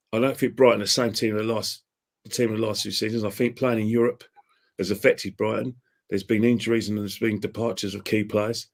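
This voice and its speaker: In casual podcast chat, a man who's a football fan rambles, gets opinionated, and laughs at his own jokes. His voice is fairly low and creaky.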